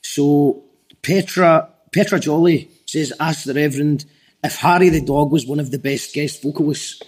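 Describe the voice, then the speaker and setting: Husky Scottish host, halting. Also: male voice, on the high side. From Scotland. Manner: halting, repeats words as he starts sentences. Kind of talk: casual interview chat.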